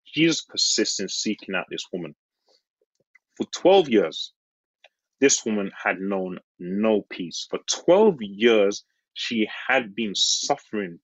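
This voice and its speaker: Speaking earnestly, a male preacher uses a husky, somewhat breathy voice whose pitch swings lively, and he slows down to stress key phrases. When he portrays the disciples, he laughs and his voice leaps upward. The recording sounds dry and slightly dull.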